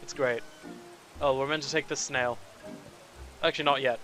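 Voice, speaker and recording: A man's voice: medium pitch, fairly even intonation, moderate pace, a bit bright. A man doing playful, amused commentary while playing a video game. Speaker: let's play host. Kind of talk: casual gameplay commentary. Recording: voice over game music.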